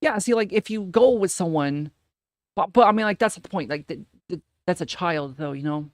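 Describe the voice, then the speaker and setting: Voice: medium pitch, lively intonation, moderate pace, no room sound. Profane, incredulous streamer in a dry room. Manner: profane, incredulous, rants with repeated phrases. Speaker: streamer reading and reacting to online posts. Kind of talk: casual reaction commentary.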